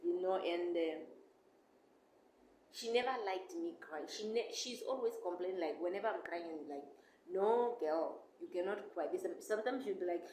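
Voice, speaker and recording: A woman's voice: on the low side, normal speed, a little mellow. Emotional rambling woman in an echoey room. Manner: emotional, rambling, talks to viewers as guys. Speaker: vlogger. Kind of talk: casual chat. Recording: echoey room with faint noise.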